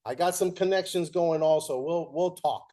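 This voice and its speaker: A man's voice: fairly high pitch, normal speed, dark tone. A man hosting a show, animatedly telling a story and thanking his guest. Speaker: show host. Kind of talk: casual interview, storytelling.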